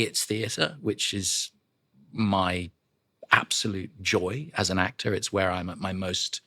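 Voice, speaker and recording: A middle-aged man from London with an English accent, a guest actor in a studio interview, telling lively anecdotes and swearing freely. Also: lowish voice, dry recording. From London, England. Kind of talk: casual interview chat.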